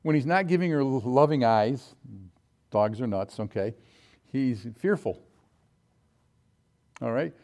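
A man preaching a sermon, telling personal stories in an animated way and acting out quotes with sudden jumps in his voice. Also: mid-range voice, measured pace, pauses often.

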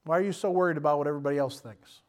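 Preacher, male, high voice, animated delivery that swells to loud emphatic bursts. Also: racing. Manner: direct questions to the listener. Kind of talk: sermon.

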